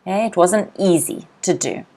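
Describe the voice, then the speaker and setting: A young woman with an Australian accent teaching English vocabulary in a live online lesson, repeating each word slowly and greeting viewers by name. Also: fairly low pitch, warm tone. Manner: slow, drilled word repetition.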